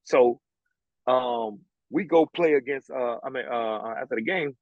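In a relaxed storytelling interview, a Southern former college basketball player recounts tales with blunt, profane energy. He speaks at a medium pitch and measured pace, and the sound is echo-free with phone-like quality.

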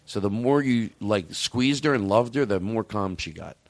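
A man hosts a loose, chatty show, his pitch swinging up and down as he rambles. He keeps stopping mid-thought and swears without a care. His voice is close and dry, with almost no room sound. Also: animated, normal speed, no room sound. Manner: rambling, self-interrupting, swears freely. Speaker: podcast host. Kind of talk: casual chat.

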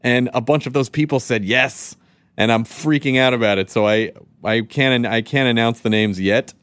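A man hosting a podcast in casual chat, animated, swearing freely and laughing often. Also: mid-range voice, normal speed, no room sound. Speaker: podcast host.

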